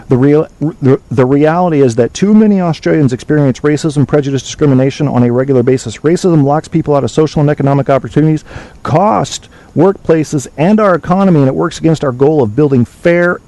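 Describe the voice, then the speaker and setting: Blunt, preachy man with a warm voice. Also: medium pitch, low-quality recording. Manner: blunt, preachy, swears freely. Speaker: podcast host. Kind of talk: opinionated call-in show monologue.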